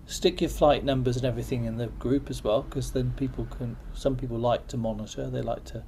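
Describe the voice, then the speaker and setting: A man's voice: mid-range voice, fairly even intonation, fairly quick, gravelly, dark tone, slight background noise. A man hosting a podcast, chatting casually in an encouraging way and laughing often. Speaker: podcast host. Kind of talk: casual chat.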